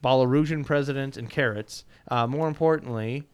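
A man tells a first-person story aloud in a wry, conversational voice. His tone is smooth and resonant and sits at an ordinary pitch. He often says uh and now and then trips over a word. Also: a little fast. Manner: wry, conversational, frequent filler "uh" and small stumbles. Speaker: narrator reading a personal story.

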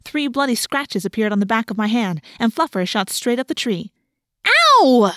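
A woman reading a first-person adventure story aloud in a lively, expressive storytelling voice. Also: a little high, brisk, no room sound, clean studio sound. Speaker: audiobook narrator. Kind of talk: first-person audiobook narration.

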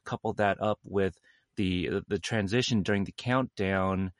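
A man in a casual film discussion, talking haltingly with many fillers and restarts. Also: low-pitched, fairly even intonation, no room sound, studio quality.

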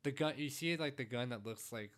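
Male podcast co-host, relaxed musing reflections on a film. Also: mid-range voice, fairly quick. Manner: thoughtful, rambling with fillers and hedges. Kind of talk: casual movie recap chat.

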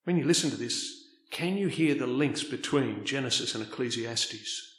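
A man preaching a sermon, swinging between loud, stressed points and quiet, soft asides. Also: medium pitch, moderate pace, roomy sound.

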